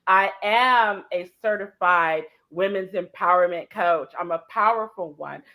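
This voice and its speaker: A middle-aged woman, a motivational speaker guest in an interview, telling an emotional story, swinging from soft to shouting. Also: lowish voice, unhurried, rough recording.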